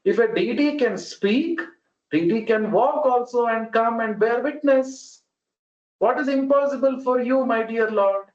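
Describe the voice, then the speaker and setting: A man voicing an earnest young devout man who pleads with rising pitch. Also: takes it slowly, long pauses. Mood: pleading. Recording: roomy, muffled online call audio.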